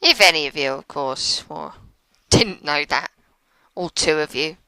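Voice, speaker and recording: A woman's voice: low voice, lively intonation, a little slow, vocal fry, sharp tone, smooth, no echo, rough recording. A young woman giving chatty, sarcastic gameplay commentary and laughing often. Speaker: let's play commentator.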